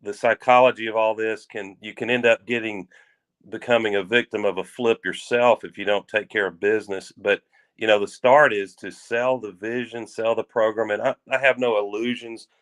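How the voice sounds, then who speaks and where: A man with a somewhat low voice talks sports at an easy, rambling pace. He is folksy and stretches his phrases, often restarting mid-sentence. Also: fairly even intonation, normal speed, a bit bright. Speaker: sports radio co-host. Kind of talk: casual sports talk.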